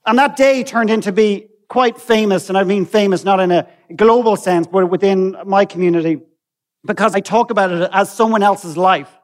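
A man's voice: sits high, moderate pace. An Irish man on stage telling a personal story and acting out the dialogue with the people in it. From Ireland. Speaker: speaker on stage. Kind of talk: storytelling talk.

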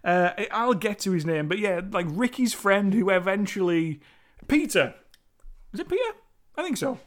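A man's voice: sits high, expressive, moderate pace. A British man from the UK giving a loose, rambling film review, full of restarts and casual swearing. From United Kingdom.

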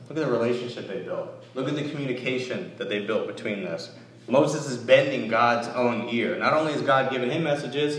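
A man giving a casual, conversational sermon, telling stories with asides. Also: mid-range voice. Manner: conversational, animated storytelling with asides. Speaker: church lay speaker. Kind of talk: informal sermon. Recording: echoey room, distant mic, faint noise.

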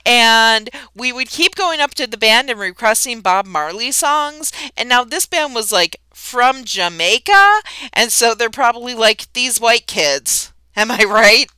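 A woman with a bright, clear voice that swings widely in pitch as she tells a story in no hurry. She laughs often and keeps the talk loose and casual. Her voice sounds close and dry. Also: unhurried, no room sound. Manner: storytelling with frequent laughs, animated. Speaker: podcast co-host. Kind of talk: casual chat.

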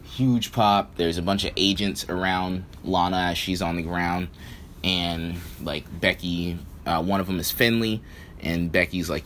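A man's voice: deep voice, unhurried, a little hiss or hum. A man giving a rambling, casual recap of a wrestling event, with lots of fillers. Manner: rambling, many fillers, relaxed. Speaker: wrestling show reviewer.

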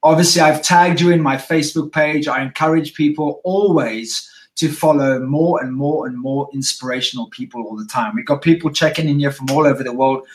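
A man hosting a live-stream interview in a high-energy, swearing, enthusiastic way. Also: brisk. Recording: echoey and distant from the mic.

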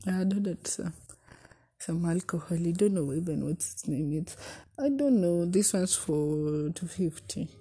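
A young woman with a Kenyan accent tells a personal heartbreak story, swinging between loud exclamations and hushed asides and slipping in Swahili. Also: lowish voice, animated, a little slow, husky. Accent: Kenyan English. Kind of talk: emotional storytime vlog.

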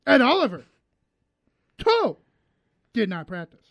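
A male podcast host in casual chat, playfully reading lists in a slow, drawn-out announcer cadence from his own room on a call. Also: very high voice, wildly swooping pitch, vocal fry, a bit bright, no echo, clean studio sound.

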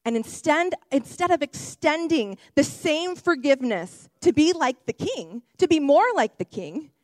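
A young woman who works with children delivers a sermon in a high voice that swoops up and down. She talks in a chatty, self-correcting way and breaks into excited shouts. The sound is close and dry. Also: dry recording. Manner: animated, bursts into excited shouts. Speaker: kids ministry worker giving a sermon.

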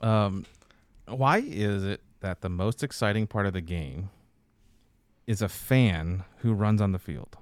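A man with a somewhat low voice, chatting casually and telling stories at length. He rambles through them with lots of fillers. The sound is dry and close, with little room around it. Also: unhurried, smooth, no room sound. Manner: rambling storyteller, acts out quotes. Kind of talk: casual chat about commercials and football.

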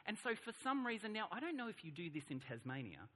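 A man with an Australian accent from Melbourne, preaching a sermon, reading scripture slowly and then speaking with animated, rising emphasis. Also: high-pitched. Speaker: pastor. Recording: long reverb in a large hall.

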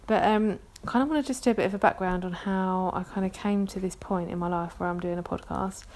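A woman's voice: mid-range voice, steady tone, quick pace, a little mellow. A woman in her thirties with a London accent, chatting casually on her own podcast, rambling and self-deprecating with many ums. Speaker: podcast host. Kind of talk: casual solo podcast chat.

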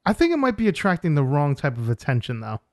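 A man's voice: fairly high pitch, quick pace. Blunt joking man from New York. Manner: blunt, joking, deadpan storytelling. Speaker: podcast co-host. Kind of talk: casual chat.

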